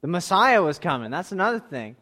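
A man in his thirties leading a church class, telling a story in a relaxed way, with soft asides and emphatic bursts. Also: sits high, brisk. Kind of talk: sermon-style Bible lesson.

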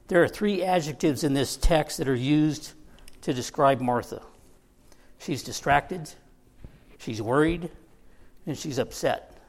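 A man preaching a conversational sermon as pastor, with joking asides to the congregation. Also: on the high side.

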